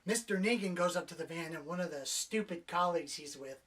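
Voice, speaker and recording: A woman's voice: on the low side, a little fast, slightly rough, distant mic. A woman giving a casual, sarcastic movie review, swearing freely and mocking the characters. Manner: sarcastic, profane, acts out characters' lines. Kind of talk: casual spoken film review.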